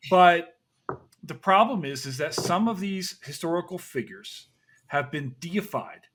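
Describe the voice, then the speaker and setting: A man's voice: on the high side, animated, measured pace, a bit bright, a little hiss or hum. A man from the American South hosting a casual podcast discussion, blunt and emphatic in his opinions.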